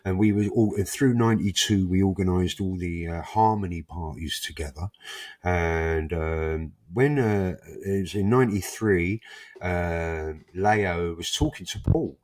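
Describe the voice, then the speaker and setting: A man's voice: deep voice, unhurried. A man, a podcast guest telling cheeky anecdotes in a casual interview and acting out the people in them. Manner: cheeky, animated anecdotes with acted-out quotes. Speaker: podcast guest, musician and club founder.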